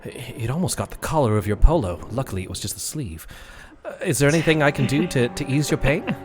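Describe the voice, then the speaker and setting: Male game master as a tired gentle woman, soft and halting, with a lively lilt and faint music behind. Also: medium pitch, lightly acted. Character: weary noblewoman Jennifer, gentle and soft-spoken.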